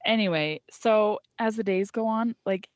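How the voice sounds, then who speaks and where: A woman's voice: mid-range voice, moderate pace, dry recording. Woman co-host in her 30s, frank rambling chat, dry and muffled podcast sound. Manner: rambling, frank, laughs mid-sentence. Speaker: podcast co-host, working mom. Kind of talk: casual chat. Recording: dull lo-fi podcast audio.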